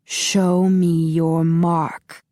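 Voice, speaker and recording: A woman voicing a cold, commanding masked male vampire overlord who speaks in a slow, muffled, measured way. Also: fairly low pitch, little pitch movement, mellow, no room sound.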